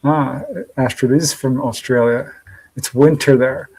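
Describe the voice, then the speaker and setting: A man's voice: medium pitch, fairly even intonation, measured pace, a little mellow, poor audio. A man hosting a live podcast stream, upbeat and chatty, greeting viewers by name and laughing often. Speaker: podcast host. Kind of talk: casual livestream chat.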